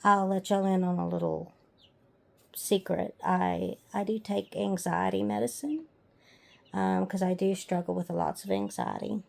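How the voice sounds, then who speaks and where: A woman, talking slowly and hesitantly in a personal vlog, pausing often with "um". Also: mid-range voice, fairly even intonation, creaky. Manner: slow, hesitant, many "um"s and pauses. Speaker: hobby farm vlogger.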